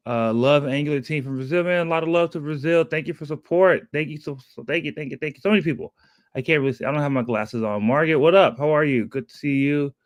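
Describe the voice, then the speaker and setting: A man co-hosts a developer live stream in upbeat, casual chat. He greets viewers one by one and fires off hype phrases. His voice sits a little high, and the close mic is dry. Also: quick pace, dry recording.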